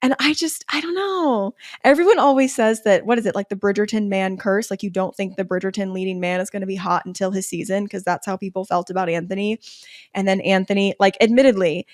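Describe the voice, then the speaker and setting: A woman's voice: mid-range voice, brisk, a little mellow, no room sound, studio quality. A young woman in her twenties hosting a podcast in casual, candid chat, with many "like" fillers. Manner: chatty and candid, with frequent "like" fillers. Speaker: podcast host.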